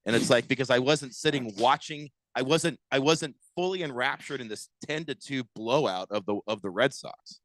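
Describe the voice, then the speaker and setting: A man in a studio hosting sports talk radio, leading a chatty back-and-forth and cutting in to fix his co-hosts' slips. His voice sits at a middle pitch and sounds very dry and close. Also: normal speed, few pauses, fairly bright tone, no room sound, low-quality recording. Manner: chatty, interrupting to correct co-hosts.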